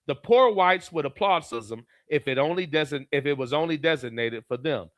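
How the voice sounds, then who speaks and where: A man who hosts a stream, reading chat aloud and ranting bluntly. His voice is smooth and resonant, pitched a bit above most men's, with a dry, close sound. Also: expressive, fairly quick, fairly bright tone, no room sound. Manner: blunt, heated, reads viewer comments aloud. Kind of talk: profane live commentary reading chat.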